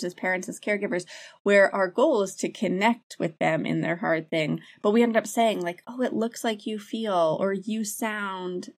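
Woman, thirties, educator, interview guest, candid, animated storyteller. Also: mid-range voice. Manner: candid, animated storyteller who uses many "like" fillers. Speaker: guest, early childhood educator and program founder. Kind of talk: casual interview talk.

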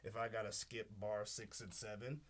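In casual studio talk, a guest rapper from southeastern Michigan speaks at a moderate pace in a fairly low voice with a light lisp. He's animated and profane, his volume jumping up as excitement hits.

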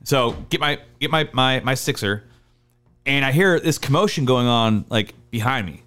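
A man in his thirties telling stories in casual chat, swearing freely and acting out the people in them. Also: moderate pace. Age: 30s. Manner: animated, acts out the people in his stories with big pitch jumps; swears a lot. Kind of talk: casual storytelling.

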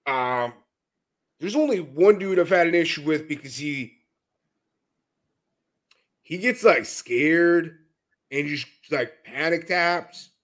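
A man talking as a guest in a casual podcast interview, telling animated stories and often laughing as he goes. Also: fairly high pitch. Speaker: podcast guest, jiu-jitsu brown belt.

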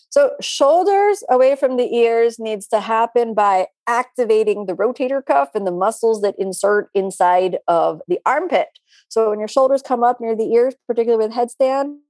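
Middle-aged woman, yoga teacher, chatty and animated Q&A delivery, dry close sound. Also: a little high, no room sound. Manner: chatty, animated, with playful asides. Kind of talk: live online class Q&A.

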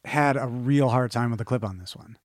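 A man chatting on a movie podcast, swearing freely and rambling with excitement. His voice sits at an ordinary middle pitch and sounds dry and close, with no room around it. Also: a little fast, no room sound. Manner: loose, profane, rambling enthusiasm. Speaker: podcast co-host. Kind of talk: casual movie podcast chat.

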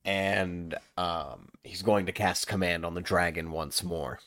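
A man with a very deep voice describes his character's actions in a tabletop game, casual and hesitant. The recording is dry and close. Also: unhurried, fairly bright tone, no echo. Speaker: player.

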